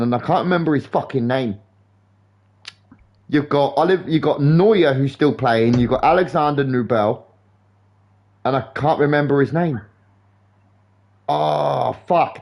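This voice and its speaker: A young man chats casually while streaming a game live. His voice sits a little high, and his football banter rambles along, animated and full of swearing. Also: unhurried, long pauses.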